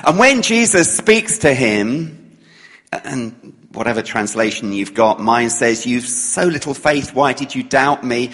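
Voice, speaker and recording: A man's voice: medium pitch, animated, a little slow, fairly bright tone, breathy edge. A man preaching in a storytelling manner, who acts out the characters' lines as he retells the story. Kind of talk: sermon storytelling. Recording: long hall reverb.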